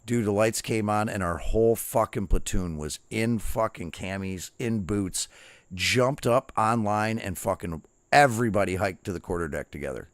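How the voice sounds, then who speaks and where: A man's voice: fairly low pitch, normal speed, dry recording. A man streaming and telling profane, rambling stories in a casual chat. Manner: profane, storytelling, barks quoted drill shouts.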